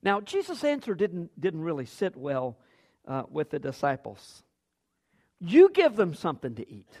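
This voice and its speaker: A man's voice: fairly high pitch, wildly swooping pitch, a little slow, a little mellow. A man preaching a sermon as pastor, acting out quoted lines with big jumps in his voice.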